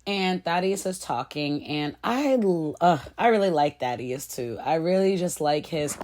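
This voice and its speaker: Low-voiced woman in a chatty recap. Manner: chatty, animated, addresses viewers as y'all and girl. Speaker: show recap vlogger. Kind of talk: casual reality-show recap chat.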